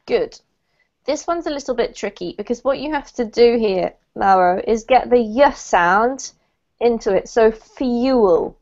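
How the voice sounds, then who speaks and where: A woman teaching English pronunciation to a group over a video call, clear, deliberate and encouraging. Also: darkish tone. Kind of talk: online group pronunciation lesson. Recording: muffled low-fidelity video call audio.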